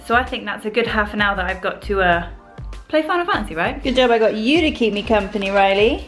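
A young woman chatting casually to the camera at home, relaxed and teasing. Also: medium pitch, fast talker, over music. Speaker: vlogger. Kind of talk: casual vlog chat.

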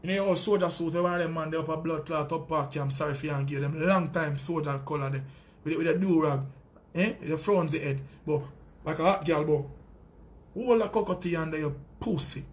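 A man's voice: fairly high pitch, brisk. A Jamaican man, a sound system selector, delivering a heated, boastful and taunting callout full of profanity.

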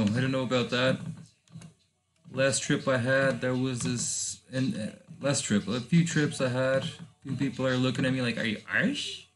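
Portuguese guy playing a manager game, mid voice, chatty, talks to himself, gets excited at goals. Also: mid-range voice. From Lisbon, Portugal. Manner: thinks aloud, rambling asides, bursts of excitement. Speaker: gaming channel host. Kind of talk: casual let's-play commentary.

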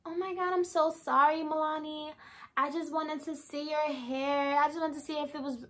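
Gushing, clueless young woman coworker, high, breathy and fawning, played by a woman storyteller. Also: steady tone, normal speed, natural voice.

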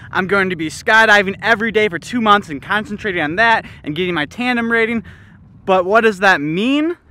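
A young man talking casually to the camera as an outdoor-sports vlogger, excited and laid-back, full of "like" and "dude". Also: high-pitched, no echo. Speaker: vlogger and speed flyer. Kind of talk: casual vlog talk to camera. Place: outdoors on a mountain.

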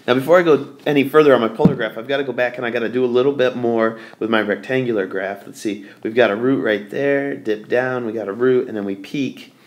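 A man's voice: mid-range voice, fast talker, few pauses. A man teaching a recorded math lesson, thinking aloud as he draws and correcting himself along the way.

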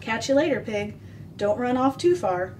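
A woman's voice: a little high, expressive, moderate pace, a little mellow, a little hiss or hum, pitched above the performer's own voice, natural voice. A woman reading aloud, voicing a boastful, teasing female cat who hunts rats, heard from a distance. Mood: cocky.

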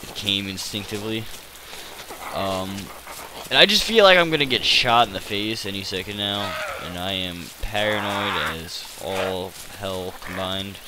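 A man's voice: on the low side, a little slow, background noise. A man giving rambling, self-deprecating commentary over his gameplay, hesitant and full of fillers. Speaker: gaming channel host.

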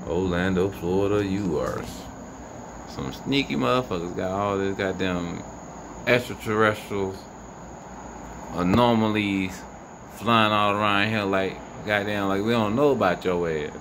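Outdoors at night, a man films the sky on his phone and gives his viewers an excited, profane, incredulous running commentary. His voice is on the low side and unhurried. The noisy phone recording picks up crickets, insects, and passing vehicles.

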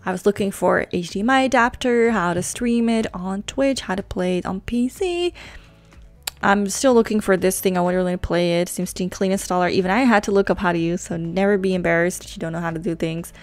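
A woman's voice: medium pitch, a little fast, faint music behind. A woman hosting a casual screen-recorded tutorial, chatty and rambling with a self-teasing manner, talking into a desk microphone. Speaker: gaming channel host.

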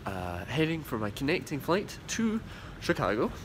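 A young man vlogs casually from an indoor airport departure area, with plenty of background noise. He's very animated and chatty, rambling at a moderate pace in a medium-pitched voice, full of fillers and restarts.

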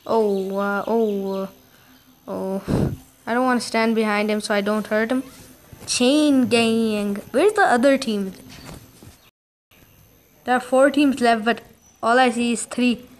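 Excitable woman commentating gameplay. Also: fairly high pitch, a little slow, pauses often. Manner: excitable, exclamatory reactions.

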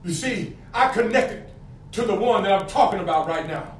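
A man's voice: sits high, animated, normal speed. A middle-aged man preaching a fervent sermon, firing questions at his congregation. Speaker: pastor. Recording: echoey, from a distance, faint room noise.

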